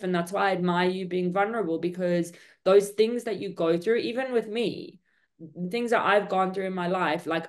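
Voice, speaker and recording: Earnest woman guest sharing her story, a touch low-pitched, lots of "like"s. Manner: earnest, talkative, with many fillers. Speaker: entrepreneur guest. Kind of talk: candid storytelling interview.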